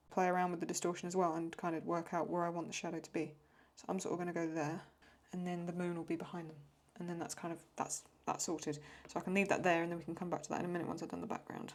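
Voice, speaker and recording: A young English woman chatting casually and rambling while she draws and answers viewer questions. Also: lowish voice. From England. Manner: chatty, rambling, self-talk. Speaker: host. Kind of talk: casual chat while drawing.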